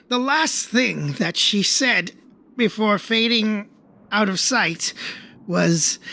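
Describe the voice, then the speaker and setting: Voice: medium pitch, creaky, a bit bright, exaggerated voice. A player voicing Aster, a shaken, dramatic young adventurer who rambles emotionally in a put-on accent. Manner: emotional, rambling, self-pitying.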